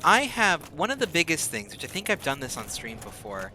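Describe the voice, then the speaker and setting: A man chatting casually while streaming a game, rambling and often speeding up into rapid talk. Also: a little high. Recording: steady background noise.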